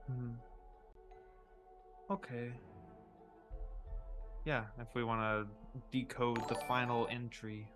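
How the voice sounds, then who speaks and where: A man's voice: medium pitch, little pitch movement, slow pace, pauses often, over music. A man with a mid-range voice chats at a tabletop game in a laid-back way. He hesitates often and teases the others now and then. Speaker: player. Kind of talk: casual chat at a game table.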